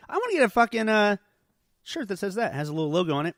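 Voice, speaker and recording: Tipsy, foul-mouthed male co-host with a lively, swooping delivery. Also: high voice, rapid-fire, no echo, studio quality. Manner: profane, animated and joking. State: tipsy from drinking. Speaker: podcast co-host. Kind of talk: casual chat.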